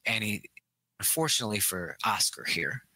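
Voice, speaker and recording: Guy on a podcast recapping a horror movie scene by scene, really bright sharp voice, dry close mic. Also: lowish voice, normal speed, dry recording. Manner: animated retelling, acts out characters' lines, swears freely. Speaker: podcast co-host. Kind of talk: casual movie review chat.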